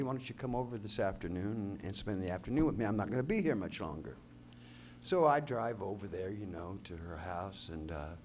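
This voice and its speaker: A man's voice: medium pitch, slight background noise. A singer-songwriter man telling a long folksy story on a concert stage, rambling and stopping to correct himself. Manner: rambling, folksy, self-interrupting. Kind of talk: live on-stage storytelling between songs.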